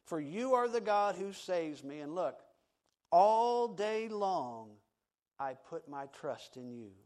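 A man preaching a sermon, swinging from loud emphatic passages to hushed, quiet tones. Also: sits high, big pitch swings. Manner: slow, deliberate delivery. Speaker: pastor.

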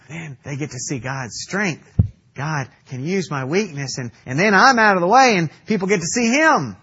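A man preaching a sermon as pastor. He swings between emphatic, raised scripture readings and hushed, quiet storytelling. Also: on the high side, slightly rough, highs cut off.

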